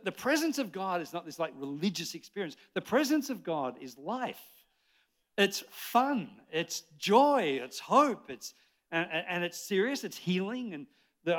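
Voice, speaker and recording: An Australian man in his sixties preaching a lively sermon to a church congregation, chatty and jokey, rambling with restarts. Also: a little high. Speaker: pastor. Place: church service before a congregation.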